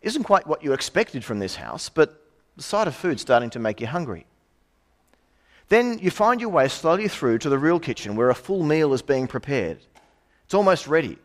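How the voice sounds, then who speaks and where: Preaching at a moderate pace, a middle-aged man keeps his sermon conversational, tossing in asides and rhetorical questions. His voice is slightly high and sing-song, with wide pitch swings.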